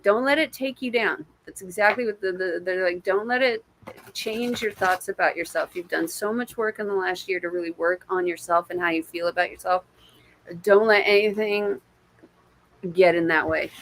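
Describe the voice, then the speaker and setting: A woman's voice: mid-range voice, moderate pace, a bit bright. A woman giving live intuitive readings to viewers on a stream, casual and encouraging, with plenty of swearing and pet names like babe and my friend. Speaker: intuitive reader.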